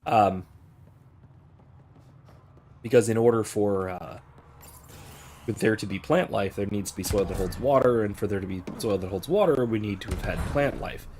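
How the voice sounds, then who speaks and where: Man, lowish voice, musing gameplay commentary with fillers, game audio underneath. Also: normal speed, pauses often, darkish tone, slight background noise. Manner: musing, thinking aloud with many fillers. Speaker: philosophy professor hosting a game playthrough. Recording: game sound over the voice. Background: video game audio.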